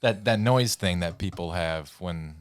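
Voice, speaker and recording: A man's voice: low-pitched, measured pace, clean tone, no room sound, studio quality. A man co-hosting a podcast, telling stories in a rambling, laughing way and losing his words now and then. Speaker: podcast co-host. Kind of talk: casual podcast chat.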